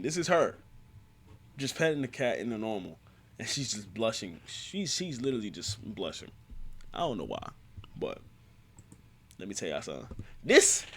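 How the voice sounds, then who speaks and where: A young man in a casual manga review vlog, talking in an excitable, slangy way. His pitch swings widely as he gets hyped, and he keeps breaking into laughter between plot recaps. His voice sits at an ordinary middle pitch for a man. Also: moderate pace, pauses often, breathy edge.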